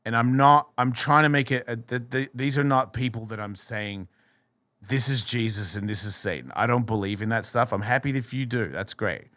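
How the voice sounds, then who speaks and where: A man's voice: medium pitch, normal speed, no echo. A middle-aged man, a podcast guest, telling a personal story candidly, swearing freely and acting out the voices in it. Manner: profane, animated storyteller who acts out voices.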